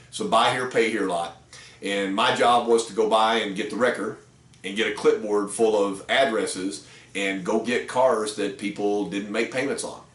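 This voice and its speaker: A man's voice: fairly low pitch, fairly bright tone. A middle-aged man who trains car salespeople, telling a story in a casual, rambling way with fillers. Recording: roomy echo, distant mic.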